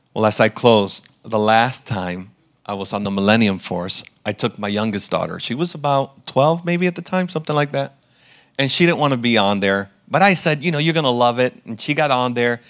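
A man's voice: fairly low pitch, normal speed, fairly bright tone. A man preaching a sermon as a pastor, telling stories with self-deprecating humor.

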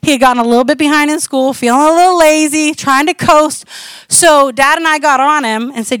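Lady in her 40s sharing a missionary testimony, high voice, dry close sound, chatty storyteller. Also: a little fast, no echo. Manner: animated storytelling, conversational. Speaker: missionary speaker. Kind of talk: testimony sermon.

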